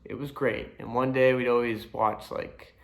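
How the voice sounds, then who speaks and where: A man's voice: mid-range voice, level tone, measured pace, vocal fry. A young man casually telling stories from his school days, rambling with lots of fillers. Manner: laid-back, rambling, many fillers. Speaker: storyteller. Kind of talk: casual storytelling to camera.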